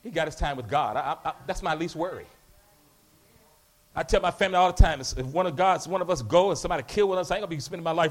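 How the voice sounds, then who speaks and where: A man preaching a sermon, animated, acting out quoted voices and breaking into shouts. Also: high-pitched, quick pace.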